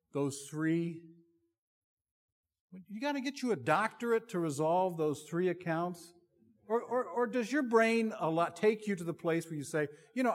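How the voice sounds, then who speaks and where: A middle-aged male pastor preaching a sermon in an expressive, conversational and self-deprecating way. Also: high-pitched. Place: church sanctuary. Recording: long reverb of a large hall.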